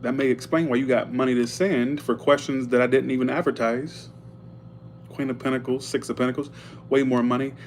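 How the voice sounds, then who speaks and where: A man speaking at an everyday middle pitch, reading tarot on a casual livestream. He talks in a loose, chatty way and says things bluntly, and a faint hum sits under his voice. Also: steady tone, brisk. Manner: chatty and blunt, thanking viewers for tips. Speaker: tarot reader.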